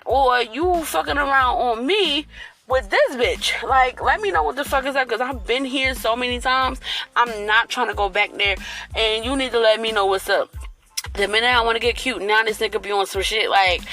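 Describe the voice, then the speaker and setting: A woman in her late thirties telling a storytime rant to her viewers, blunt, profane and animated. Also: on the high side, normal speed, soft background music. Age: late 30s. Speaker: vlogger.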